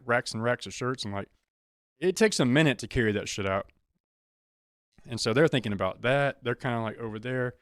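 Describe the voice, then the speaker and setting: A man hosting a podcast, telling a story in a blunt, profane, animated way. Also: medium pitch, clear, resonant tone, no room sound, clean studio sound. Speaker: podcast host and session drummer. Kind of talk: casual storytelling monologue.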